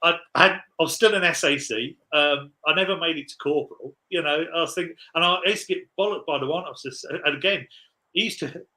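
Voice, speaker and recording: A man's voice: fairly high pitch, fast, sharp tone, low-quality recording. A man in his forties, a podcast guest, telling rambling, laughing anecdotes in casual chat.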